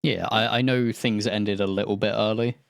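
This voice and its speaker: A man's voice: lowish voice, fairly even intonation, normal speed, creaky, clean tone, no echo, studio quality. A man running a tabletop game, chatting loosely after the session, swearing and laughing as he goes. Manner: loose and rambling, swears, laughs mid-sentence. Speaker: game master. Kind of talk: casual post-session chat.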